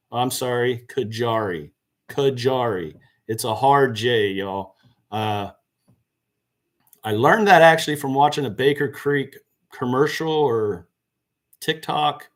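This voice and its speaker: A man chatting casually on a gardening live stream, answering viewer questions and correcting himself as he goes. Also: medium pitch. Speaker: gardening channel host. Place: indoors by a seed box.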